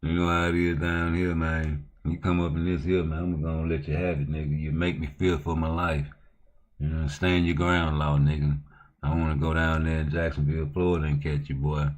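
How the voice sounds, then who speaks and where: Deep-voiced man ranting on a livestream. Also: little pitch movement, a little fast. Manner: loose, profane slang-heavy banter; heated, rising to loud outbursts. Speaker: livestream host. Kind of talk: casual livestream talk.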